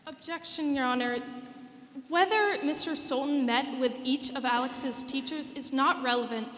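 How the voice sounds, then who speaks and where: A woman's voice: sits high, moderate pace, fairly bright tone. A teenage girl raising formal objections as an attorney in a mock trial. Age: teens. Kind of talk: courtroom objections. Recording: echoey hall, long reverb, faint hiss.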